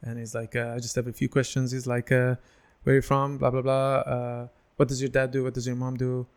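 A young man from the UAE, a guest in a casual chat, telling animated stories and acting out the people in them with laughs. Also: mid-range voice, fairly quick, smooth. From United Arab Emirates. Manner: animated, acts out quoted voices, laughs often.

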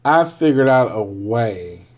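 A man in his forties speaking at a medium pitch and talking straight to the listener about fatherhood. His delivery is blunt and unpolished, with profanity and a habit of tossing in "right?" to check that the listener is following. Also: animated, slow, a little mellow. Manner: blunt, candid storytelling with constant "right?" check-ins and profanity. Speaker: father sharing parenting views. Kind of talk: casual monologue to camera.

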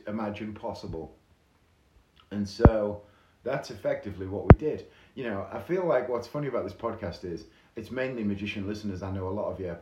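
A man hosting a podcast, telling a story in a chatty, animated way with casual fillers. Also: on the low side. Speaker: podcast host. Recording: echoey room.

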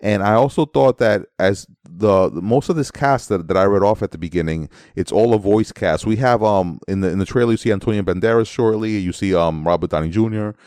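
An American man in his thirties, co-hosting a casual movie review chat, joking and expressive. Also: fairly low pitch, a little fast, few pauses, no room sound.

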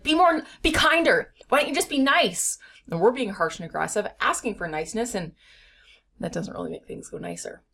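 A woman explaining step by step how couples can handle conflict, earnest and at times playful. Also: mid-range voice. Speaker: relationship educator.

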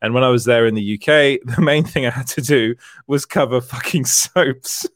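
A man hosts a relaxed livestream, chatting through viewer comments and laughing often as he rambles. His voice sits at an ordinary middle pitch, and the sound is dry and close, with no room echo. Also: moderate pace. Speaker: livestream host, entertainment journalist. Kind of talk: casual livestream chat reading viewer comments.

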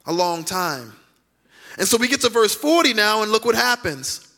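A man preaching a sermon as pastor, speaking to the congregation with direct questions and drawn-out emphatic words. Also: sits high, very animated, bright, forceful tone. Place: church sanctuary.

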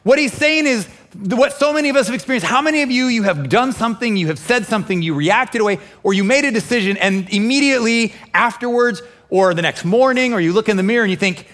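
A pastor preaching a lively sermon, acting out inner voices and quoting scripture with feeling. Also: male voice, extremely high pitch, fast. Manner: animated, acts out inner voices and quotes. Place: church, also streamed online.

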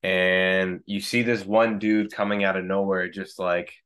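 A man co-hosting a podcast, telling a travel story in relaxed casual chat, rambling with many fillers. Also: deep voice, measured pace, clean tone. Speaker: podcast co-host.

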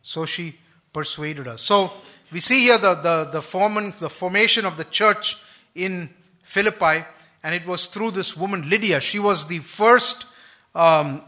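A man preaching a sermon, explaining scripture in an unhurried, thoughtful way with frequent pauses and restarts. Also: high-pitched, bright, forceful tone.

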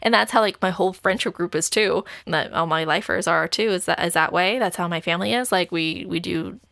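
A woman's voice: on the low side, a little fast, creaky, fairly bright tone, no room sound, clean studio sound. A young adult woman casually telling a dating story, full of "like" fillers and light laughs. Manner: chatty, heavy filler use of "like", frequent light laughs.

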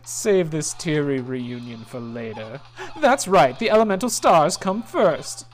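This is a smug, menacing masked villain from a video game, read aloud by a woman, booming each demand at a deliberate, slow pace. The voice swoops high and low with lively pitch. Faint music plays underneath. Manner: loud, slow and commanding.

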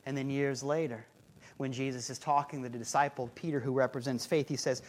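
A man's voice: mid-range voice, fairly even intonation, fairly quick. A man preaching a sermon as a pastor, telling stories with humor and driving points home through repetition. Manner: conversational, humorous storytelling with rhythmic repetition.

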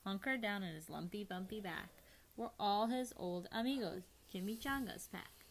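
A woman reading a children's storybook aloud, lively and playful, sometimes dropping to a hushed whisper. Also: medium pitch, normal speed, slight background noise, poor audio. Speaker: reader.

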